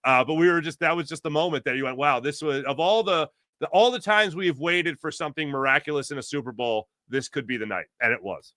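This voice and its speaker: A man from talks with a bright, forceful voice that sits a little high. He tells animated stories in casual chat, and the sound is dry and close. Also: fast, no echo. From Philadelphia. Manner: excited storytelling, animated. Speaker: guest.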